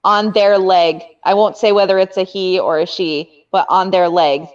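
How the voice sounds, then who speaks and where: A woman's voice: lowish voice, fairly even intonation, normal speed, lo-fi sound. A woman hosting a casual trivia stream, teasing and laughing often as she chats with her boyfriend. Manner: giggly, teasing. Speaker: trivia host. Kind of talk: casual chat.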